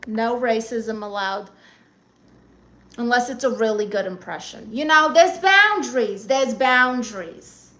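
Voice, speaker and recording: Voicing a sassy middle-aged aunt with a Spanish accent, a man hosts a comedy live stream in a very high, animated, heavily acted voice, never hurrying. He's brassy, flirty, teasing and dramatic, and greets his fans warmly.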